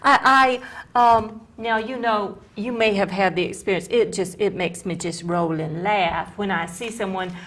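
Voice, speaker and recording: A woman's voice: medium pitch, measured pace, a bit bright. A woman from Georgia with a Southern accent, co-hosting a chat show and speaking in an emphatic, preachy way. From Georgia, USA. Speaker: co-host. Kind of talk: casual talk-show chat.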